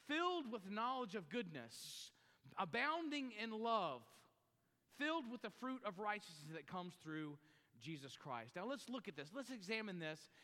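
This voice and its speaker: A man's voice: sits high, sing-song, unhurried, sharp tone. A man preaching a sermon as a pastor, explaining word meanings and turning to his congregation with asides. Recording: long hall reverb.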